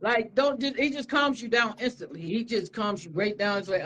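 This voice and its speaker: A woman talking casually as an interview guest, relaxed and slangy, with frequent fillers and restarts. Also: fairly high pitch, normal speed, rough recording. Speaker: interviewee, media studio owner.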